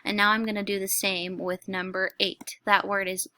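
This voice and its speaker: A woman teacher explaining a lesson to young children, slowly and clearly. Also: medium pitch, little pitch movement, very noisy. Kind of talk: instructional video lesson.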